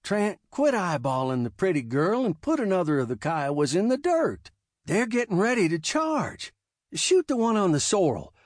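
A man voicing a blunt young frontier gunman who barks brisk orders. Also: high-pitched, big pitch swings, dry recording, clean studio sound, voice pushed up. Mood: urgent.

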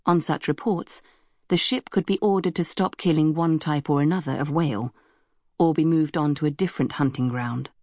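Narrator, female, low register, dry close sound, measured storytelling. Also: darkish tone, no room sound. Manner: measured storytelling, voices dialogue with raised pitch. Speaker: audiobook narrator. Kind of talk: scripted narration.

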